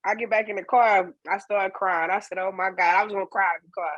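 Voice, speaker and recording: Female musician guest, animated storyteller, mid-range voice, dry recording. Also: medium pitch, quick pace, dry recording, highs cut off. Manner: lively storyteller, acts out dialogue. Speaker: guest singer and percussionist. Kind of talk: casual podcast interview.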